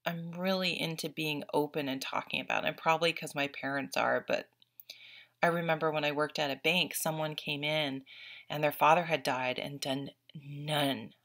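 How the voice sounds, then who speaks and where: A woman with a notably low voice talks through a tarot reading in a casual, heartfelt way. She is earnest and openly emotional, speaking as a young adult reading the cards for her viewers. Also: steady tone, normal speed, a bit bright. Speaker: tarot reader.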